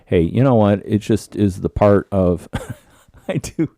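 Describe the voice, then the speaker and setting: A man's voice: on the low side, measured pace, creaky, dark tone, dry recording. Tired scratchy-voiced man, rambling. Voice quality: rambling, restarts sentences. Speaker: podcast co-host. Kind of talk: casual chat.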